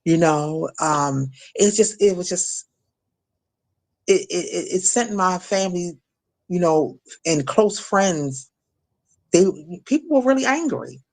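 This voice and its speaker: A middle-aged woman from Maryland recounting a personal ordeal as an interview guest, halting with many restarts and fillers. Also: lowish voice. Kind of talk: emotional personal testimony.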